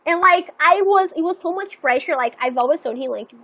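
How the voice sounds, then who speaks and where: A young woman with a high, light voice tells a story on a live stream. She rambles, leans on "like" constantly and swears casually. The audio is a bit muffled and lo-fi. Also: fairly quick. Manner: rambling and animated, full of "like" and swearing.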